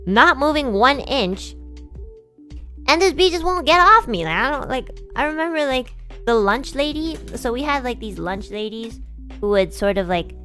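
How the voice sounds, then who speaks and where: A woman in a casual stream chat, telling a story from her childhood. She talks in a rambling, animated way, full of fillers and restarts, at a middle pitch. Soft music plays faintly behind her. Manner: chatty, animated, lots of "like" and restarts, voices kids and adults in quotes.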